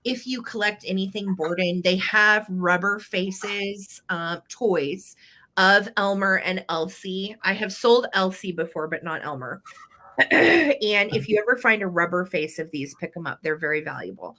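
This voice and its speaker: A woman's voice: medium pitch, measured pace, bright, forceful tone. A woman hosting a live vintage sale, chatty and playful, laughing often as she shows collectibles and runs the bidding.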